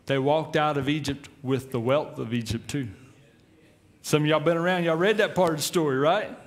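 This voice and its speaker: A middle-aged man preaching to his church. His voice sits a little high for a man. He tells the story with animated put-on voices and keeps chuckling along the way. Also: normal speed. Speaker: pastor. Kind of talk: sermon.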